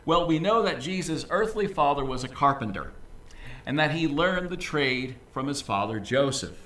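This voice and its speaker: Pastor, male, lively conversational sermon delivery, bright voice, heard from back in an echoey church. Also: on the high side, normal speed. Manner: lively, conversational preaching with asides. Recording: echoey room, voice from a distance.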